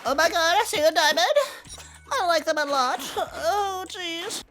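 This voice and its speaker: Woman putting on a squeaky greedy little gremlin. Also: unhurried, a bit bright, a little hiss or hum. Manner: high, whiny, gasping greed.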